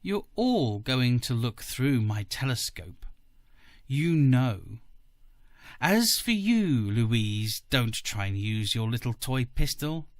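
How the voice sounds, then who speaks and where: Man doing a mad villain, taunting, slow and deliberate, sudden high leaps, dry close sound, storybook reading. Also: very animated, no room sound. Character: genial, menacing madman villain, male.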